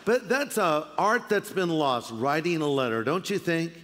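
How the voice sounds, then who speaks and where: High-voiced pastor in a reverberant hall. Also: male voice, animated, measured pace, fairly bright tone. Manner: humorous storytelling with impressions. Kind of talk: sermon. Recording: long reverb of a large hall.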